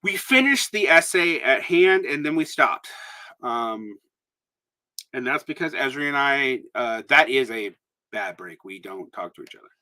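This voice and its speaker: A man's voice: medium pitch, animated, unhurried, sharp tone. A man hosting a casual live stream, answering chat questions in a rambling, digressive way with blunt asides. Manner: rambling, digressive, with many fillers; blunt, emphatic.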